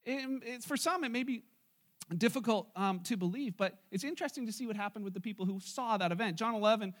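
High-voiced pastor telling a story casually. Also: male voice, fast talker. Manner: casual, joking storytelling to a congregation. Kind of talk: sermon. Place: church.

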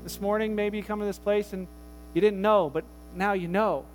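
A man pastor preaches in a relaxed, conversational way, weaving casual asides into his retelling. His voice sits very high for a man, and he keeps the story lively. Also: moderate pace, big-room sound, slight background noise. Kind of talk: conversational sermon.

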